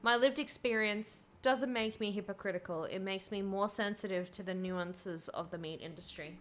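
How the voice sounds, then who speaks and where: An earnest chicken expert from a video game lays out his case in a calm, lecturing tone. A woman voices him in a voice close to her own. The voice sits at a middle pitch and stays steady. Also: moderate pace, close to an everyday voice. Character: earnest chicken meat-industry expert, male.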